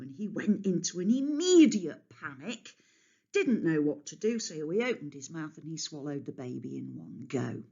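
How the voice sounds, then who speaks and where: A woman telling a myth to children in a lively, chatty way, stopping to explain words, on a dull lo-fi recording. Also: sits low, moderate pace, vocal fry, breathy edge. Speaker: storyteller. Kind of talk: storytelling to children.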